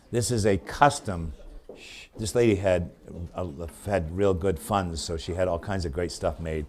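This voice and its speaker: A man working as an auctioneer, calling bids in rapid repetitive runs and breaking off for chatty asides about the items, with a New England accent. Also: deep voice, a little mellow.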